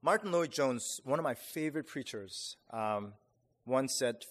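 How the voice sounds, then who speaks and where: A man preaching a sermon in a conversational, animated way, with fillers and restarts, sometimes acting out his own reactions. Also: measured pace. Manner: animated, acts out reactions with rising pitch. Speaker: pastor. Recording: long hall reverb.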